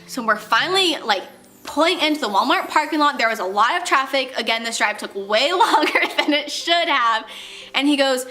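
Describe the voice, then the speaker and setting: A young woman from California tells a story in a high, bright voice full of quick exclamations. Her delivery is lively and expressive, with soft music playing behind her. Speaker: vlogger. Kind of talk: storytelling vlog.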